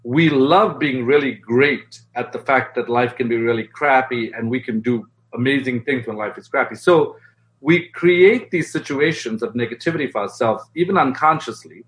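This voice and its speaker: A man talking as an interview guest, lively and animated, often acting out quoted voices as he explains. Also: medium pitch, moderate pace. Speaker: guest expert. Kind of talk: interview conversation.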